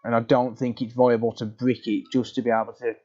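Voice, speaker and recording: A man's voice: mid-range voice, little pitch movement, fairly quick, warm tone, dull audio. A man chatting casually on a live repair stream, explaining steps matter-of-factly with frequent ums. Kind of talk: casual live-stream chat answering viewers.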